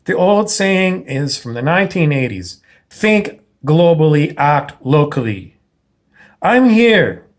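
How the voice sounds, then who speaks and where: A man's voice: on the high side, sing-song, slow pace. A man giving a blunt, profane, lecturing monologue in a confrontational style. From Canada. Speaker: self-help speaker.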